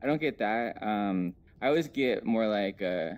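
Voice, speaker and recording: A man's voice: fairly low pitch, unhurried. A man doing a stand-up comedy set in a virtual world, nervous and self-deprecating, stumbling over many ums between jokes. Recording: lively laughing crowd behind.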